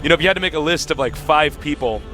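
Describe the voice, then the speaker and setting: A man casting a live video game match with excitable, laugh-prone commentary. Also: a little high, racing, faint music behind. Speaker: esports caster.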